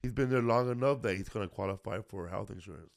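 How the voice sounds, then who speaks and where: A man's voice: on the low side, fast, creaky. A middle-aged man hosting a podcast, telling comedy-tour stories in a loose, profane, casual way. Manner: loose, profane, peppered with "bro". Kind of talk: casual storytelling chat.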